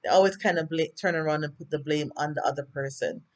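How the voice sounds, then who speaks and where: A woman's voice: low-pitched, quick pace. Chatty woman rambling through a TV recap. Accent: Jamaican. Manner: chatty, rambling, goes off on tangents; acts out characters' lines while retelling. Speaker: TV recap vlogger. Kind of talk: casual episode recap.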